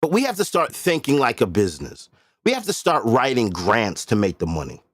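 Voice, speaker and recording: A man holds forth on his own livestream in a loose, blunt and profane manner, hammering his points home by repeating them. His voice sits at an ordinary pitch but rises and falls a great deal. The sound is close and dry, with no room around it. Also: wildly swooping pitch, a little fast, fairly bright tone, no room sound. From Boston area. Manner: blunt, profane, emphatic repetition. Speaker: livestream host. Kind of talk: casual livestream rant.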